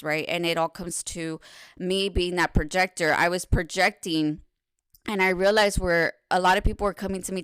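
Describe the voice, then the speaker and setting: A woman speaking as a podcast guest, telling a personal story in a frank, profane, rambling way, swinging between loud animated retelling and soft hushed confession. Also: fairly low pitch, smooth, no echo.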